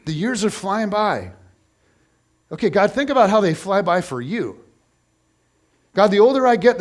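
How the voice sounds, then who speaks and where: A male pastor giving a conversational sermon, animated, with quick asides and self-corrections. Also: sits high.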